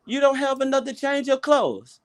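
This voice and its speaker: A man mimicking a blunt, cheerful woman coworker in a high, clipped, deadpan voice. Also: moderate pace. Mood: teasing.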